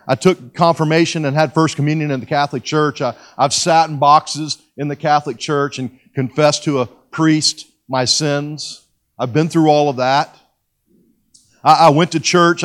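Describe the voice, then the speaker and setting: A man in his fifties preaching a sermon and telling his personal testimony in a folksy, self-deprecating way, with frequent restarts. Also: a little high. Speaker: pastor.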